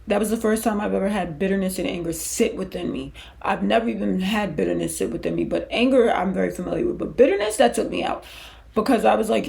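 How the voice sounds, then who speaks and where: A woman's voice: medium pitch, fast talker, vocal fry, a little mellow. A woman hosting a podcast, telling her personal faith story in a candid, emotional, conversational way with loose restarts. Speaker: podcast host.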